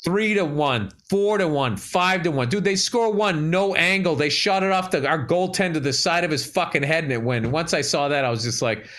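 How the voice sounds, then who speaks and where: A man with a slightly high voice talks sports on a casual chat show. He rants in a lively, loose way, swearing freely as he tells his stories. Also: moderate pace, few pauses. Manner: animated, profane sports rant. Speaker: podcast co-host.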